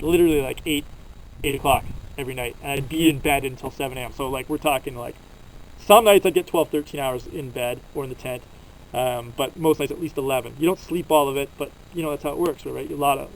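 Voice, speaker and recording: His medium-pitched voice is brisk with vocal fry, heard over slight background noise in poor-quality audio. He's a young Canadian vlogger at a desert campsite, telling rambling, filler-heavy travel stories.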